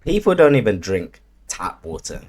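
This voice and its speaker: A man in casual chat, reacting to a story in an expressive, slangy way. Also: deep voice, normal speed.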